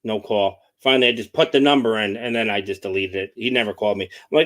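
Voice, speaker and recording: A man's voice: fairly low pitch, fast talker, a bit bright. A man with a New York accent, hosting a casual live chat about excavating and telling rambling stories. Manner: rambling storyteller, drops into voices of other people. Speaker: excavation channel host.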